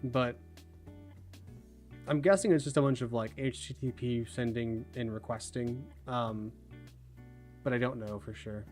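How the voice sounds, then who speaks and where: A man hosting a livestream, chatting casually and rambling, his words running together when he talks fast. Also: mid-range voice, a little mellow, soft background music. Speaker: livestream host.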